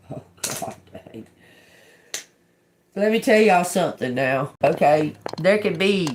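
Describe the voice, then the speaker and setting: A woman doing an intuitive tarot reading. She repeats channeled words slowly and quietly, then turns chatty when she explains them to viewers. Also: on the low side, lively intonation, slight background noise. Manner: slow, murmured repetition of channeled words. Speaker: tarot reader.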